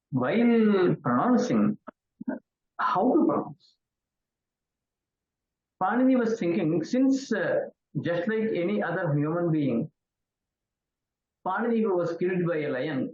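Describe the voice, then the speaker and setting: An older man from India with an Indian accent, lecturing slowly and deliberately as a Sanskrit professor, spelling out syllables with many pauses. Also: a little high. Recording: echoey room over a tinny phone-like line.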